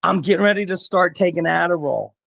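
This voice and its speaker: A man telling a wild story in casual chat, excitable and profane. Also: high-pitched, fairly quick, vocal fry. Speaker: podcast guest.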